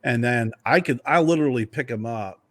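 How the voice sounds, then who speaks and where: A man co-hosting a casual podcast, telling animated stories and peppering his speech with mild swearing. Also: mid-range voice, brisk. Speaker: podcast co-host. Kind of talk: casual chat.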